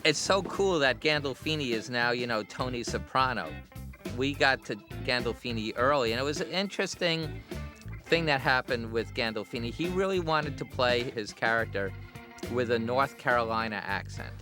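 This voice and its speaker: A middle-aged man, a film director, telling relaxed anecdotes in a commentary interview. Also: medium pitch, moderate pace, over music.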